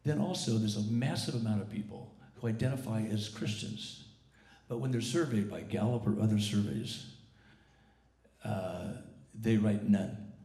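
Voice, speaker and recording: Guy pastor preaching, voice rough from being sick, kinda low and dark, echoey church room, stumbles and restarts a lot. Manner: conversational, with frequent restarts and repeated words. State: voice rough from recent illness. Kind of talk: sermon. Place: church service.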